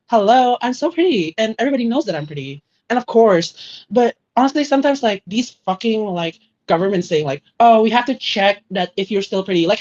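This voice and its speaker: A bratty, vain young socialite girl, played by a woman, whining in a mid-pitched voice and sneering at everyone beneath her. The sound is muffled and lo-fi. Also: close to an everyday voice. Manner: whiny, exasperated, repeats "hello" and "like". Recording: muffled lo-fi recording.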